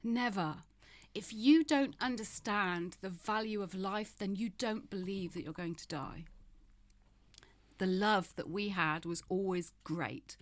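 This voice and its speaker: A woman's voice: medium pitch, measured pace, dry recording. A woman in her fifties, a podcast guest, talking frankly and often laughing as she moves between humor and grief. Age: 50s. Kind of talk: candid conversational interview.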